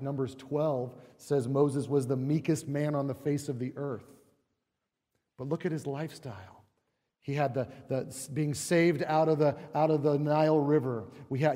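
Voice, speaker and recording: A man's voice: medium pitch, mellow. A middle-aged male pastor preaching a sermon in a conversational way, full of rhetorical questions and acted-out quotes. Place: church sanctuary. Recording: long church reverb.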